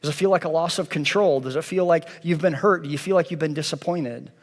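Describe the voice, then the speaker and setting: A man preaches a sermon from the church stage, his voice sitting fairly high. He speaks with an earnest, repetitive cadence. The sound carries a long reverb from the church hall. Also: quick pace. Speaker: pastor. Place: church sanctuary.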